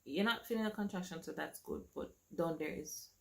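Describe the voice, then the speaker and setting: A woman telling her own story to camera in a casual, animated way, acting out what others said to her. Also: low voice, a little fast, gravelly.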